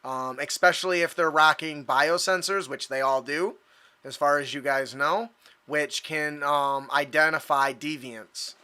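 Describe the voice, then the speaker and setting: Guy running a tabletop game, really bright clear voice, lots of ums, kinda higher pitched. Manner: casual, halting with many ums. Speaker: game master.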